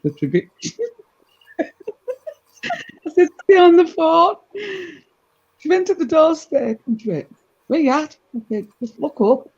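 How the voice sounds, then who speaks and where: A woman telling a gossipy anecdote in a casual chat, animated and full of asides. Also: high voice, unhurried, pauses often, husky. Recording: dull lo-fi recording.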